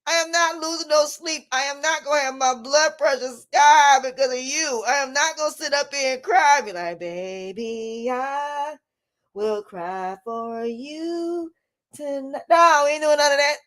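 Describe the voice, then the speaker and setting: A woman speaks straight to her camera in a casual vlog. Her voice sits high, and she sounds defiant and emphatic. She circles back over the same points and breaks into laughs. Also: fairly even intonation, fairly quick, hardly any pauses, a bit bright. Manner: defiant, emphatic, repeats herself, laughs often. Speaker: vlogger, life coach.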